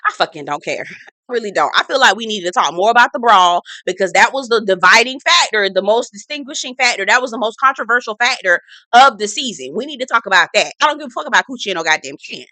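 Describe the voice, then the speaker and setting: A woman's voice: fairly high pitch, animated, fast, sharp tone, no echo. A woman hosting a casual reality TV recap, talking in a blunt, sassy, profane way.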